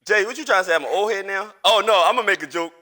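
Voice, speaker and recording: A man's voice: high voice, fast talker, pushed and bright. A man chatting casually while gaming on a live stream, rambling and teasing with lots of profanity. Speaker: streamer and father.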